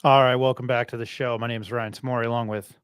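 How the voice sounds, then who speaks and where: A man hosts a sports talk show as a casual, joking chat, speaking fast in a medium-pitched, level voice. He's self-deprecating and laughs between lines.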